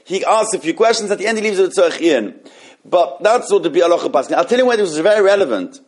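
A man leads a relaxed Torah class. His voice sits a little high, and he talks animatedly, often restarting mid-sentence. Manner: animated, halting with many restarts.

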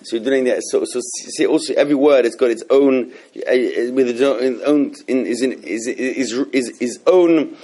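A man's voice: medium pitch, normal speed, few pauses, mellow. A man teaching a halacha class in a rambling way, with many restarts and fillers. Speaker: Torah teacher.

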